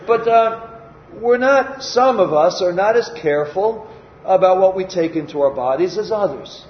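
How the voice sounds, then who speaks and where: Older guy preaching, high voice, chatty folksy sermon, echoey hall, kinda muffled. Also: animated, normal speed, slight background noise. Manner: folksy and conversational, asks the congregation questions. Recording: echoey room, slightly dull sound.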